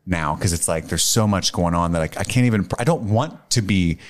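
A man hosting a podcast in casual chat, talking in an animated, rambling way and laughing often. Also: sits low, a little fast. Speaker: podcast host.

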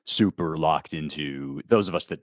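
A man's voice: a bass voice, moderate pace, no room sound, clean studio sound. A man in his thirties from the United States, explaining things in a casual interview with lots of fillers and restarts. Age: 30s. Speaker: guest author.

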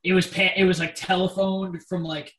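A young man in his twenties co-hosting a podcast, swearing freely and running off on quick tangents. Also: sits high, level tone, fairly bright tone, distant mic. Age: 20s. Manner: profane, rapid tangents. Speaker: podcast co-host. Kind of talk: casual chat. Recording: roomy, a bit off-mic.

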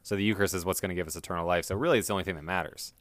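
Deep-voiced, self-deprecating man. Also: racing, a bit bright, dry recording. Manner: loose, self-deprecating, laughs at own slips. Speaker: podcast co-host. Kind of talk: casual faith podcast chat.

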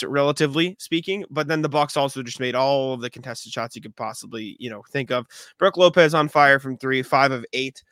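A man hosting a casual sports podcast, talking loosely and reeling off stats in quick lists. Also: medium pitch, sharp tone, dry recording, studio quality. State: has the hiccups. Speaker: podcast host.

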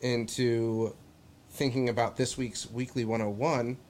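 A man co-hosting a podcast, talking in a loose, rambling and joking way. His voice sits at an ordinary pitch. A faint hum of room ambience stays behind him. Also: level tone, measured pace, a little mellow. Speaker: podcast co-host. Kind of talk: casual chat.

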